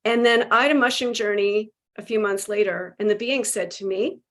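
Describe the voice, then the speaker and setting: A woman guest telling a spiritual story with animated emotion, acting out quotes and laughing. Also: mid-range voice, normal speed, few pauses.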